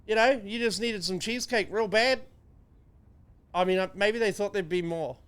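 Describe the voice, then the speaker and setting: A man's voice: high-pitched, moderate pace, fairly bright tone, smooth. A man with a New Zealand accent, ranting and joking with crude, sweary sarcasm as a podcast co-host. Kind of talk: crude casual banter.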